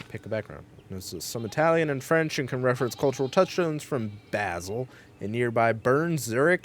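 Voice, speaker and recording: A man's voice: medium pitch, lively intonation, normal speed, a little hiss or hum. A man streaming a video game, reading its text aloud and joking about his own accents. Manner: playful, self-mocking. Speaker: gaming streamer. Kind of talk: let's play commentary.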